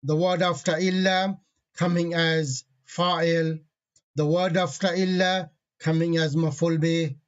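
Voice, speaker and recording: Male teacher, slightly high pitch, patient and repetitive, dull lo-fi recording. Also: flat delivery, clear, resonant tone. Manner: patient, repeats key terms slowly; reads Arabic grammar phrases quickly. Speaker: Arabic grammar teacher. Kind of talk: online grammar lesson.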